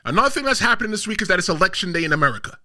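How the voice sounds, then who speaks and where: A man hosting a casual podcast, emphatic and quick to talk over others while reading the chat aloud. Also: sits high, very animated, noisy background. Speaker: podcast host and wrestler.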